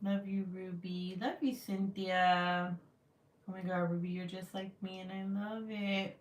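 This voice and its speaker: A woman's voice: medium pitch, fairly even intonation, measured pace, a bit bright, distant mic. A middle-aged woman hosting a craft livestream, chatting casually with viewers, laughing at herself and swearing freely. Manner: giggly, self-mocking, swears casually. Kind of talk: casual livestream chat reading comments. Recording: roomy sound, voice away from the mic.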